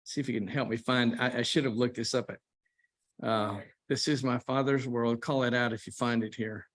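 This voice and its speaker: A man preaching to a church congregation in an unhurried, conversational way, with restarts and asides to the listeners. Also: mid-range voice, fairly even intonation. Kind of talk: church class talk on hymns. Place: church auditorium.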